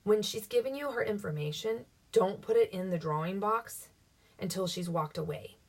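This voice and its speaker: A woman's voice: mid-range voice, moderate pace. A woman coaching her sales team in a casual, upbeat teaching talk, often acting out what to say to customers. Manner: chatty, upbeat, acts out sample dialogue. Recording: voice somewhat distant from the mic.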